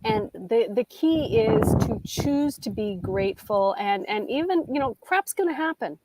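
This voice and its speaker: A Canadian woman talking casually on a live video call from outdoors, chatty and quick to laugh at herself. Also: on the high side, expressive, very noisy. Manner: chatty, laughs easily, self-deprecating. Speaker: guest coach. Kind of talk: casual live-stream chat. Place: outdoors in nature.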